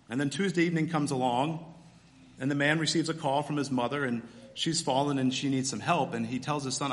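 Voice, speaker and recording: A man preaching a sermon, teaching through a scripture passage step by step in a relaxed, conversational way. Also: a little high, fairly quick. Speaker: pastor.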